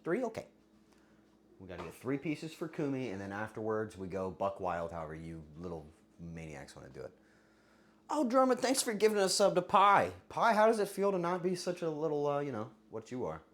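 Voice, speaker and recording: Crude streamer voice going a bit hoarse, swoops all over, yells now and then at chat. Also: medium pitch, very animated, fairly quick, a little hiss or hum. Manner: crude, joking, bursts into yelling. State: voice getting hoarse. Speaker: livestreamer. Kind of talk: casual livestream chat with viewers.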